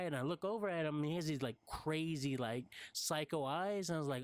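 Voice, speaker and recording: A man's voice: on the high side, brisk, few pauses, smooth, no echo. A young man in casual, rambling storytelling, full of "like" and "uh" fillers. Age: young adult. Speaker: college student recounting a dream.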